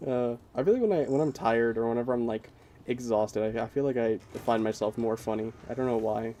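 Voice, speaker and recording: Young streamer guy, mellow voice, swears a lot and cracks dumb jokes at himself. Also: medium pitch, lively intonation, brisk. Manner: crude, joking, swears often; self-mocking, giggly banter. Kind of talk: casual gaming commentary.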